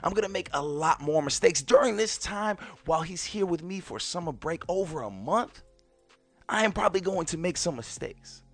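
A man's voice: on the high side, animated, moderate pace, no echo, faint music behind. A man in his thirties hosting a podcast, talking casually and emphatically to his listeners and repeating his phrases for effect. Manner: emphatic and repetitive, often addressing ladies and gentlemen. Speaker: podcast host.

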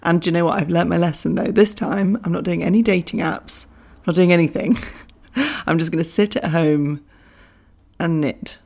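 A young woman hosting a podcast, talking casually with a hoarse, croaky voice from losing it, chatty and self-mocking, laughing often. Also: on the low side, steady tone, normal speed, a little mellow. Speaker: podcast host. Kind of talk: casual solo podcast chat.

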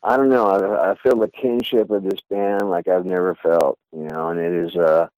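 A man's voice: sits low, normal speed, no echo, rough recording. A male singer being interviewed, chatting casually and rambling with lots of "you know" fillers. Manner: animated storyteller. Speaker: band singer, interview guest.

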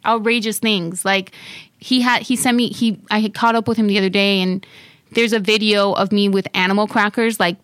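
A young woman with a Miami accent tells stories in a lively, animated way, acting out every quoted line. Her voice sits at a middle pitch. The recording is close and dry. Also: moderate pace, clean tone, no echo. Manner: animated storyteller, acts out quotes. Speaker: podcast guest. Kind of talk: casual chat.

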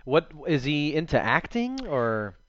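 A man interviewing a guest in a relaxed, casual chat, sharing anecdotes. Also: on the high side, a little slow, highs cut off. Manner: relaxed, brief affirmations and anecdotes.

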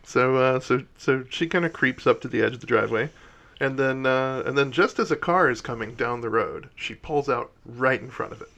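A man's voice: medium pitch, vocal fry, a bit bright, highs cut off. A man running a tabletop role-playing game, narrating casually and wryly with frequent fillers. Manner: casual, wry, halting with fillers. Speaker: game master.

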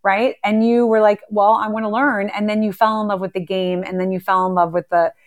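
A woman's voice: mid-range voice, little pitch movement, a little fast. A woman hosting an interview, reflecting back on her guest's story in an affirming, conversational way.

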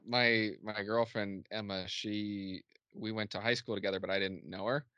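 A man's voice: on the low side, steady tone, normal speed, pushed and bright, clear, resonant tone, no room sound, muffled recording. A young man chatting casually as a podcast guest, rambling with lots of filler words. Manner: rambling, filler-heavy, laid-back. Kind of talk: casual chat.

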